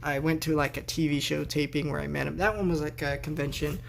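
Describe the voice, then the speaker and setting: A man's voice: fairly high pitch, level tone, fast, creaky, a crowd in the background. A man vlogging a casual tour of his bedroom on a handheld camera, rambling with sarcastic asides. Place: bedroom, indoors.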